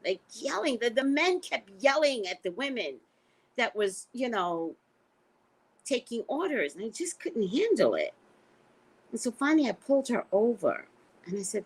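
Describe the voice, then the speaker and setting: An American woman hosting a casual livestream, chatting with viewers and telling stories in a playful, profane, animated way. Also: low-quality recording. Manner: animated storytelling with sharp pitch jumps, profane and playful. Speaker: psychic and livestream host. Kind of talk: casual livestream chat reading comments.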